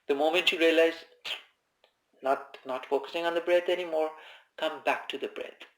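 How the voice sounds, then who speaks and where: A man giving informal spoken meditation instruction, calm and conversational, who repeats his key phrases. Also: fairly high pitch, moderate pace. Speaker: meditation teacher. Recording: echoey room.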